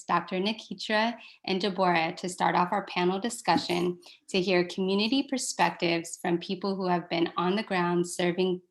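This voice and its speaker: Steady woman presenter with a low, gravelly edge reading prepared findings. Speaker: research presenter.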